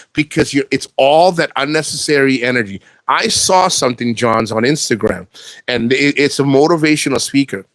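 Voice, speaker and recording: A man's voice: medium pitch, a bit bright, no room sound. A man talking casually to camera in a blunt, profane, rambling way, restarting his sentences often. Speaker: vlogger.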